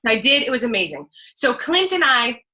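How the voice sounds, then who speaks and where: A woman from New Jersey, a guest telling an animated personal story, laughing often and acting out what people said. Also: a little high, fairly quick. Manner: expressive, laughs often, acts out quotes. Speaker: guest, speaker.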